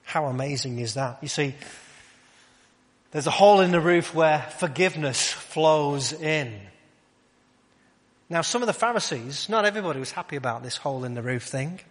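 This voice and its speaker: A man's voice: a little high, lively intonation, moderate pace. Man preaching in a reverberant hall. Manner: conversational, rhetorical questions, drops to quiet emphasis. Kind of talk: sermon.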